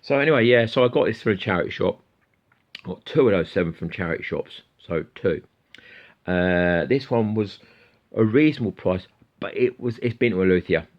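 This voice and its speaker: A man's voice: on the low side, animated, normal speed, lo-fi sound. A middle-aged man chatting casually to camera as a guitar YouTuber, rambling and swearing freely.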